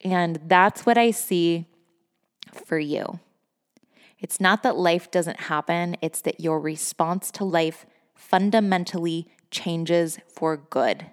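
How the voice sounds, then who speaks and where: In a large hall, a woman podcast host speaks slowly in a somewhat low voice, casually sharing a personal story with candid, effusive energy. She swears without hesitation, leans heavily on "like," and often laughs between phrases.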